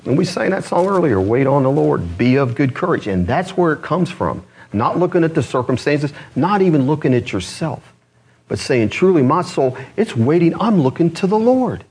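A man's voice: fairly high pitch, very animated, moderate pace, darkish tone, husky. A man preaching a sermon as pastor, earnest, asking the congregation rhetorical questions. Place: church.

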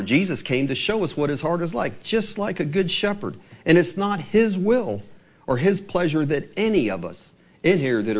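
A man preaching a sermon, reading scripture aloud and stressing phrases slowly and emphatically. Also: medium pitch. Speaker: pastor.

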